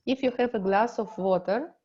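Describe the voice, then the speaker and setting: Russian-accented woman, middle-aged, relationship coach; halting non-native English, unhurried delivery, a bit dull-sounding webinar recording. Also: medium pitch, a little mellow. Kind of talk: online seminar teaching.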